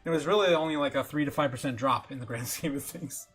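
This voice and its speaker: A man hosting a casual livestream, talking excitably with lots of fillers and chuckles. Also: medium pitch, fast talker, husky. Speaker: livestream host.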